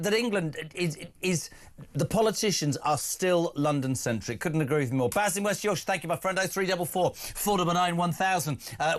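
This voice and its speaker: A man's voice: high-pitched, a bit bright. A man hosting a talk radio drive show, bantering and teasing his guests and callers. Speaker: host.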